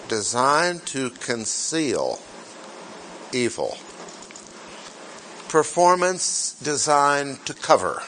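A man teaching scripture in a sermon, speaking deliberately, repeating key phrases and putting rhetorical questions to his listeners. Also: medium pitch, fairly bright tone, slight background noise. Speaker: pastor teaching a Bible class. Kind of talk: sermon-style Bible teaching.

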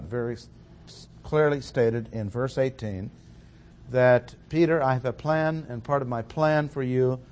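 A man delivers an expository sermon in a deliberate, measured way. He leans hard on the words he wants to stress and pauses with fillers between thoughts. His voice sits in an ordinary middle range. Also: mid-range voice, a little mellow. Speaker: preacher.

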